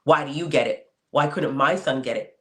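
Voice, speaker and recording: A man hosting a podcast, talking casually and telling stories with animated, laughing energy. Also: mid-range voice, normal speed. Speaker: podcast host. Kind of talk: casual conversation.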